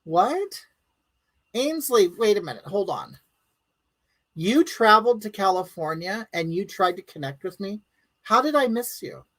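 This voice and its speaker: A woman's voice: mid-range voice, sing-song, measured pace, poor audio. A woman hosting a live stream from home, chatting casually and bluntly with viewers and reading out their comments in a rambling, crude way.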